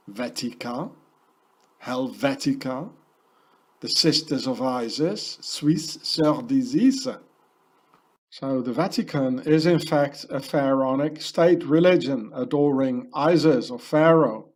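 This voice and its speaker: Brief: male voice-over narrator, unhurried, ranting, rambling delivery. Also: medium pitch, a little mellow. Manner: rambling, ranting, heavy with fillers. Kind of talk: conspiracy video voice-over.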